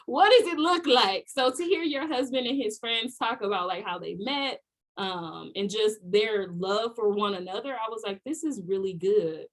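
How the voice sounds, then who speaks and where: Woman co-host, casual and animated, quick laughs, chatty filler-heavy delivery. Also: medium pitch. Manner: lively, laughs often, says "like" a lot. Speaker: podcast co-host. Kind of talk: casual chat.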